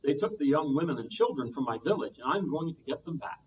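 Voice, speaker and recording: A man's voice: on the high side, expressive, quick pace, darkish tone, a little hiss or hum, close to an everyday voice. A man voicing a lazy but strong boy hero with an easygoing drawl, heard from a distance on muffled audio.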